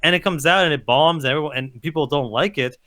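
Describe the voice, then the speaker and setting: A man's voice: fairly high pitch, quick pace, bright, forceful tone. A man co-hosting a casual podcast chat, ranting with heat and plenty of swearing. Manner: heated, ranting, profane.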